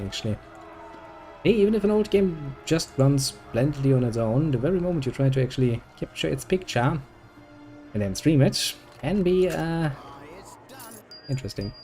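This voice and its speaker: A man with a warm, mid-range voice hosts a gaming video, chatting casually and cracking jokes while he plays. It's relaxed gameplay commentary, and he swears freely.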